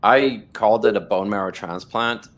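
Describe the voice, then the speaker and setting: A man's voice: fairly low pitch, moderate pace. A man, a blood cancer survivor, earnestly telling his story as a guest on a video call livestream, full of restarts and quoted dialogue. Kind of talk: livestream conversation, personal storytelling.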